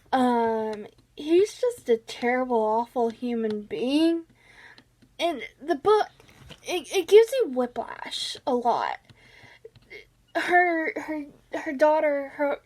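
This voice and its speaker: A woman with a high voice talks through a book review at an easy, unhurried pace. She is chatty and informal, with lots of "um"s and restarts. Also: a little mellow. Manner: chatty, many fillers and restarts. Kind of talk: casual book review vlog.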